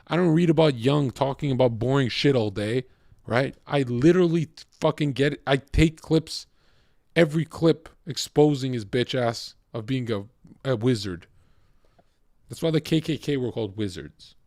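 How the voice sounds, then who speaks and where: A man's voice: mid-range voice, normal speed, gravelly, a little mellow, no room sound, clean studio sound. A man live streaming, ranting angrily and hurling mocking, profane insults at a viewer in chat. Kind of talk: angry rant at a chat viewer.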